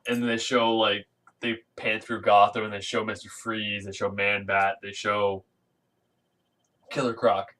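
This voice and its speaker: A man's voice: fairly low pitch, fairly even intonation, a little slow, pushed and bright, distant mic, poor audio. Rambling man recapping a comic, off-mic. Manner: rambling, filler-heavy, acts out quotes in funny voices. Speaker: comic book reviewer. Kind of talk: casual retelling of a comic issue.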